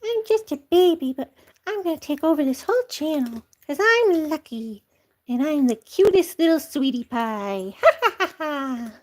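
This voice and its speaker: A cocky baby kitten brags in a high, sing-song voice about being the cutest and eating everything, as a woman puts on a pet voice. He is tiny, greedy and full of giggles. He sounds like a playful pet character from a home vlog. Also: animated, moderate pace, darkish tone. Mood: boastful.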